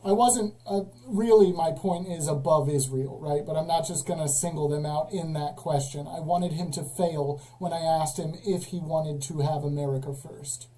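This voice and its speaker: A man's voice: on the high side, normal speed, few pauses, warm tone, rough recording. A man hosting a live call-in stream, questioning callers in a dry, sarcastic way. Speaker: livestream host. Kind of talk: casual live call-in chat.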